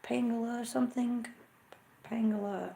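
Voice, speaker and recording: A woman's voice: a little high, steady tone, normal speed, creaky, dark tone, slight background noise. A woman hosting a casual livestream, chatty and self-mocking, often muttering half to herself. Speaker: livestream host. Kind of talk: casual live chat. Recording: echoey room.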